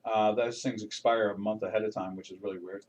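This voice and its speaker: A man's voice: lowish voice, level tone, brisk, darkish tone, distant mic, highs cut off. An older man hosting a live trading webinar, talking through charts in a folksy, rambling way with many restarts and fillers. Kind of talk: casual live market commentary.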